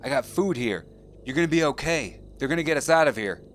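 A man voicing a frantic soldier who calls out loudly and is close to tears as he rescues his buddy. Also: mid-range voice, quick pace, a little hiss or hum, pitched above the performer's own voice, lightly acted. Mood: tearful relief. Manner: shouting, emotional, near tears.

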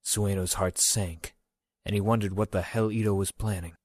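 A man reading an audiobook aloud in a measured, even storytelling manner. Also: lowish voice, no echo, studio quality. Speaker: narrator. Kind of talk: audiobook narration.

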